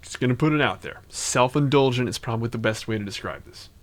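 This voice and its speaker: A man's voice: mid-range voice, fast talker. A young man hosting casual game commentary, chatty and rambling, who often jumps into mock voices. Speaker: gaming channel host.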